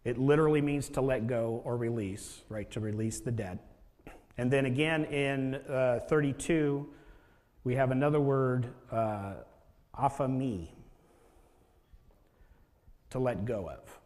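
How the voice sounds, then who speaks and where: A man's voice: medium pitch, a little slow, long pauses, darkish tone. Pastor guy preaching easy and chatty, keeps asking "right?", mid voice, long echo off a big hall. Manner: conversational preaching with rhetorical questions. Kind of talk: sermon.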